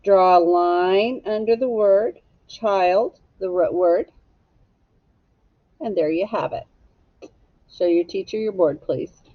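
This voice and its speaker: A woman's voice: mid-range voice, slow pace, long pauses, no echo, dull audio. A woman teacher giving a phonics lesson to young children, patiently sounding out and spelling each word.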